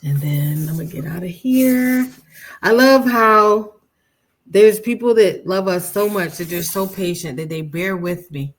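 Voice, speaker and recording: Lower-voiced woman chatting, tired. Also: normal speed, hardly any pauses, dark tone, husky. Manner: chatty, a bit scattered, talks while fiddling with her computer. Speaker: podcast co-host. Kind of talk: casual podcast chat.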